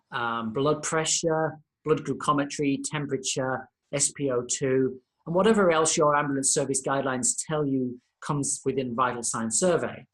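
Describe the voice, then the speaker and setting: An Australian-accented man with a mid-range voice, a senior lecturer, gives a recorded lesson to paramedic students. His manner is informal and instructive.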